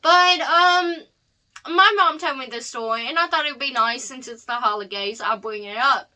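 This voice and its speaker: A woman's voice: high-pitched, normal speed, pushed and bright. A young woman telling a personal story in a chatty, heartfelt vlog, rambling with asides. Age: young adult. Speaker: vlogger.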